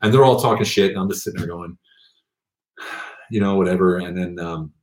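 A middle-aged man telling his story at home in a casual, animated way, often laughing and acting out other people's voices. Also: low voice, normal speed. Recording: echoey room.

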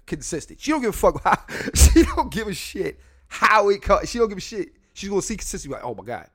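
This solo podcast host sounds high-pitched and animated, talking a little fast from a home room by a window. Blunt and full of profanity, he addresses his audience directly and keeps restarting and repeating his lines.

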